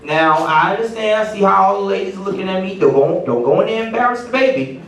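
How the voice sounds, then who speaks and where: A middle-aged male comedian tells stories to a party crowd, and his pitch jumps around with animated energy. He is picked up from a distance in a roomy, echoing venue, with a faint hum of background noise. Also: fast. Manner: animated storytelling with voiced quotes. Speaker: stand-up comedian. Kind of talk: stand-up comedy set. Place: party venue with live audience. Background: audience laughter.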